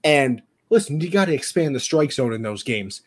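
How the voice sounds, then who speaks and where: A young man co-hosting a casual sports chat, telling animated stories and acting out the people in them. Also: mid-range voice, moderate pace. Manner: animated storyteller, acts out quotes. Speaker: podcast co-host.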